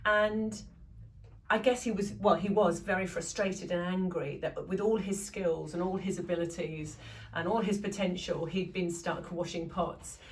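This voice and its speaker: A woman co-presenting a casual online church devotional, laughing easily and thinking aloud with pauses. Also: lowish voice, fairly even intonation. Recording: distant mic with faint background noise.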